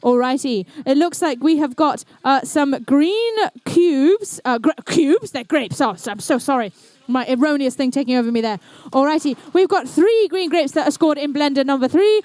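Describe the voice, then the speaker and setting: A woman's voice: high-pitched, moderate pace, few pauses, a little mellow, no room sound. A woman commentating a live indoor competition and emceeing it, with playful, jokey banter aimed at the crowd.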